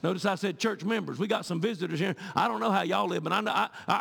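A male pastor preaching a sermon in church, swinging from fervent shouting to hushed pleading. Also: high voice, quick pace, gravelly, breathy edge, big-room sound.

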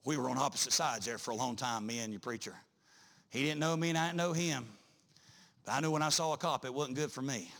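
A male preacher, delivering a sermon in a chanting style full of "uh" breaks, rising at times to shouts. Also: medium pitch, fast talker, vocal fry.

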